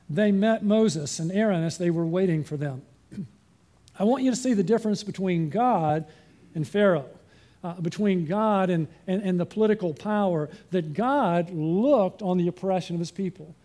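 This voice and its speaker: An older male pastor delivers a sermon in a fairly high voice with a mellow, warm tone. He often stops to put questions to the congregation and waits for answers.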